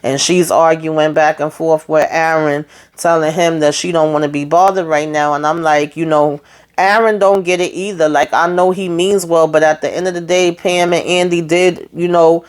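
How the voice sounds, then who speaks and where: A woman's voice: low-pitched, fairly even intonation, normal speed, smooth. A woman hosting a casual TV episode recap, retelling scenes through quoted dialogue in a blunt, opinionated way. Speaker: TV show recap host.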